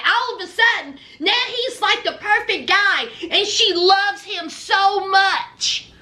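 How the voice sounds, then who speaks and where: A woman's voice: extremely high pitch, slow pace, pushed and bright. A woman giving a blunt, sassy reaction recap of a reality show, scolding the people on it. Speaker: reality TV commentator.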